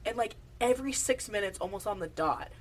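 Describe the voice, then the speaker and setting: A woman's voice: mid-range voice, lively intonation, brisk, far from the mic. A woman co-hosting a podcast, recapping a documentary in casual, profane, mocking rants. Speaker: podcast co-host. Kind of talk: casual chat recapping a true-crime documentary.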